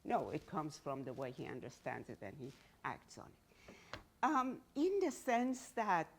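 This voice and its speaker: A woman's voice: low voice, very animated, measured pace, husky. A woman with a Persian accent, answering a question after her academic presentation and stopping often to find her words. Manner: thoughtful, searching for words.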